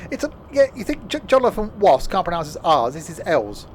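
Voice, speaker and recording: A man's voice: high voice, sing-song, moderate pace, slight background noise. Rambling man streaming a game. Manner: rambling, jokey, often trails off mid-sentence. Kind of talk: casual gameplay commentary.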